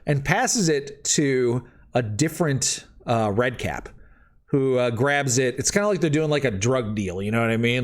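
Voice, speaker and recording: Guy running a d&d game, lively up-and-down voice, lots of uhs. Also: mid-range voice, moderate pace. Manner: loose, rambling narration full of fillers. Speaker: game master. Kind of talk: narrating a tabletop game.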